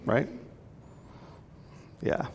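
A man teaching a Bible class to a group in a church room, talking conversationally and asking them questions. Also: drawn-out words. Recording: long hall reverb.

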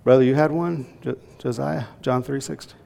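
A man's voice: medium pitch, steady tone, moderate pace, gravelly, warm tone. A man teaching a Bible class to a group in a church room, talking conversationally and asking them questions. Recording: long hall reverb.

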